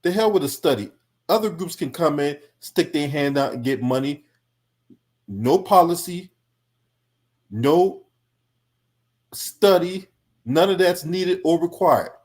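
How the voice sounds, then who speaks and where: Man, angry political reaction stream, confrontational, profane, somewhat high pitch. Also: expressive, takes it slowly, pauses often, a little mellow. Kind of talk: heated reaction commentary.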